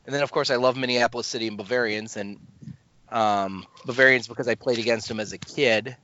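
A man's voice: mid-range voice, steady tone, fairly quick, sharp tone, a little hiss or hum. A man hosting a podcast in casual chat, rambling and self-deprecating with many restarts. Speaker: podcast host. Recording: slightly dull lo-fi podcast audio.

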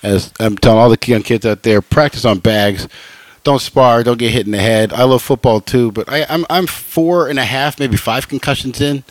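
A man hosting a comedy podcast, telling self-mocking jokes in a deadpan way. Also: medium pitch, moderate pace, no echo. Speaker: podcast host, kickboxing instructor.

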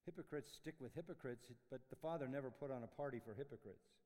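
A man preaching a sermon in a university chapel, emphatic, swinging from loud declarations to hushed lines. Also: mid-range voice, quick pace, long reverb tail. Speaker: pastor.

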